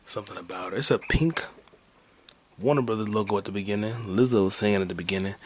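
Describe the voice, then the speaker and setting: Rambling, profane man with a low voice. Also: quick pace. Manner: loose, profane, rambling, laughs often. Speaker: podcast host. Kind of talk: casual solo podcast chat. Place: at home with a loud game console nearby.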